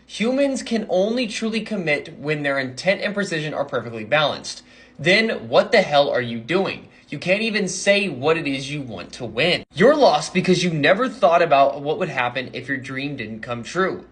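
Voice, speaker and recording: A blunt, fired-up young man who scolds in a loud, coarse way, read out by a man. His voice sits fairly high, and he sounds quick to anger. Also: expressive. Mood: angry. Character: hot-headed young male former soccer player, blunt and fired-up.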